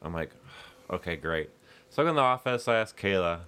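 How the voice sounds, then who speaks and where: A man's voice: fairly low pitch, animated, rapid-fire, a bit bright, smooth. A man telling a profane story about a work incident in casual chat.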